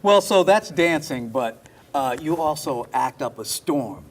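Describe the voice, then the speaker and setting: A man's voice: fairly high pitch, animated, measured pace. A man co-hosting a TV talk show in a studio, asking encouraging questions and laughing often. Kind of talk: TV studio interview.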